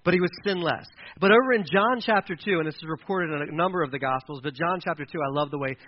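Brief: male preacher, slightly high voice, casual sermon, acts out quotes; muffled lo-fi recording. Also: fast. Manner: conversational, acts out quoted voices, fillers like "kinda" and "like". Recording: dull lo-fi recording with faint noise.

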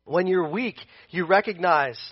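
A man preaches a sermon in a relaxed, conversational way, pacing as he talks. His voice sits a little higher than most men's. The sound is dry and somewhat dull, with no room echo. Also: unhurried. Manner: conversational, animated, paces while preaching.

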